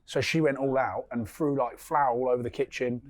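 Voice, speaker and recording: A man chatting on a podcast, animated and laughing as he acts out stories about his family. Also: medium pitch, fairly quick. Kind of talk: casual chat, storytelling.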